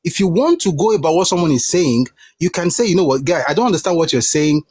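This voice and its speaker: A man's voice: a little high, very animated, quick pace, a little mellow, husky. A young man with a Nigerian Yoruba accent, passionately scolding an opponent in a heated live debate. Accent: Nigerian English, Yoruba. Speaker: debate participant.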